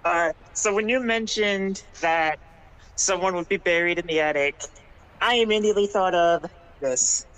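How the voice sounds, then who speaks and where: A man's voice: high voice, normal speed, fairly bright tone, clean tone, low-quality recording. A young man in a casual podcast chat with friends, laughing often, swearing, and hesitating mid-sentence. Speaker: podcast co-host.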